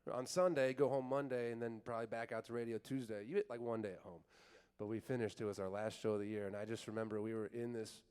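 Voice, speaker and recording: A man, a country singer, telling a lively joking road story on stage to a fellow performer. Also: lowish voice, quick pace, smooth. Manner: animated, joking, rising into laughter. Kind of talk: onstage banter and tour storytelling. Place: theater stage at a live benefit show. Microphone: stage microphone. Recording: live theater hall echo.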